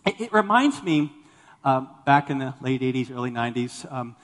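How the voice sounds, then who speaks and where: With lively intonation and a mid-range voice at normal speed, a man preaches to a congregation in a church sanctuary. He speaks animatedly as their pastor and acts out the people he quotes, all under a long reverb tail.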